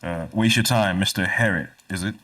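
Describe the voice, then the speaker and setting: A man playing his character in a tabletop game, speaking slowly in and out of character. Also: low voice, pushed and bright, far from the mic. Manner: slow, laughing, in-character speech. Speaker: player.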